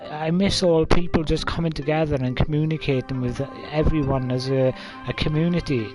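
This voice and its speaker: A man's voice: a little high, fairly even intonation, a little fast, a little mellow, faint music behind. A man of twenty-five, telling a story casually to camera with lots of fillers. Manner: rambling, many fillers, coughs and laughs.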